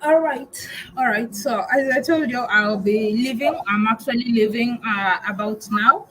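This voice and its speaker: A woman's voice: on the high side, a little slow, a bit bright, poor audio. A woman from Kenya hosting a casual live-stream chat, speaking frankly with frequent restarts and repeats. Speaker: vlogger host on a live chat.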